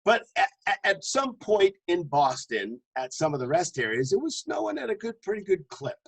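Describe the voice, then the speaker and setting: Male co-host, a touch high-pitched, chatty storyteller who laughs between restarts. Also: sing-song, moderate pace, gravelly, a bit bright, breathy edge, rough recording. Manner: jokingly puts on a booming announcer voice. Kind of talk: casual podcast chat.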